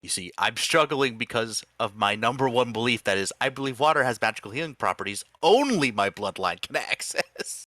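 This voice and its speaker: A man's voice: medium pitch, animated, fairly quick, few pauses, pushed and bright, no echo, studio quality. A man playing a tabletop role-playing game, talking playfully and laughing mid-sentence. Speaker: player.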